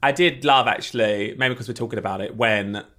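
A man's voice: medium pitch, brisk, fairly bright tone. A man co-hosting a podcast, joking and teasing in casual chat. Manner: teasing, self-mocking banter. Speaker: podcast co-host.

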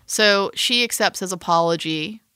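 A woman's voice: medium pitch, moderate pace, sharp tone, smooth, no room sound, clean studio sound. A woman co-hosting a podcast, chatty and teasing, rambling through a film plot with restarts. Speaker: podcast co-host describing a film. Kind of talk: casual chat.

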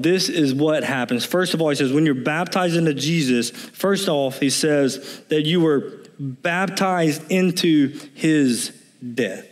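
A pastor preaching a sermon, explaining scripture verse by verse and driving his points home with emphatic repetition. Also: on the high side. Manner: emphatic, building to animated repetition.

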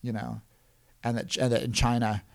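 A man's voice: little pitch movement, moderate pace, vocal fry. A man, a clown performer and podcast guest, telling stories in a casual interview. He rambles with many restarts and chuckles. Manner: acts out other people's panicked lines in a higher voice.

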